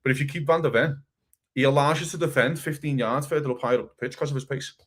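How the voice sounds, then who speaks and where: A man co-hosting a casual football chat, animated and swearing, acting out other people's quotes. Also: mid-range voice, fast talker. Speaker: podcast co-host.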